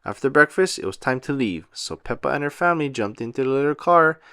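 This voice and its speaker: A man reading a children's picture book aloud with an animated, sing-song delivery. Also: medium pitch, brisk, clean tone, no room sound, clean studio sound. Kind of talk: read-aloud storytelling for children.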